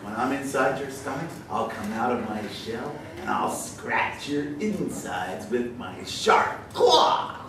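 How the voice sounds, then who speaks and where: A man's voice: mid-range voice, expressive, slow, vocal fry, few pauses, voice pushed down. A man voicing a small, clever female turtle who is not afraid of a fox, speaking in a plucky, unafraid way. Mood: defiant. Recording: echoey hall from far off, noisy.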